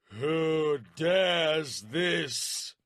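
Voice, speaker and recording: An enraged, tyrannical warlord who screams every word slowly and drags it out, as a man plays him in an audiobook. His voice pitches up high and bright with rage. The sound is close and dry. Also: lively intonation, no echo, exaggerated voice. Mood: screaming rage. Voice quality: screaming, slow and drawn-out.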